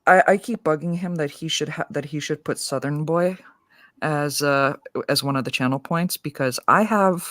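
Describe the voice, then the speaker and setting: A woman's voice: low-pitched, moderate pace, fairly bright tone, no room sound, clean studio sound. A woman from Canada co-hosting a live stream, chatting and teasing in a casual way. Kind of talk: casual chat.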